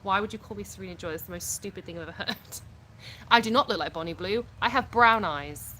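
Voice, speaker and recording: A woman's voice: medium pitch, brisk, pushed and bright, a little hiss or hum. A British woman from the UK hosting a casual live stream at home, reading viewer comments aloud and answering them frankly, often laughing. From United Kingdom.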